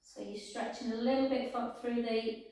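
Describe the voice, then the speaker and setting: A woman instructor guiding a pilates class with slow, soft, soothing cues. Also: fairly high pitch, steady tone. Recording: echoey room, far from the mic.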